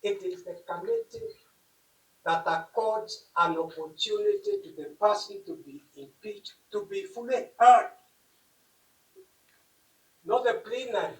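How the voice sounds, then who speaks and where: Deliberate advocate in an echoey courtroom. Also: male voice, high-pitched, huge pitch swings. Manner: deliberate, emphatic, measured phrasing. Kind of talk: formal legal submission. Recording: echoey room, mic at a distance.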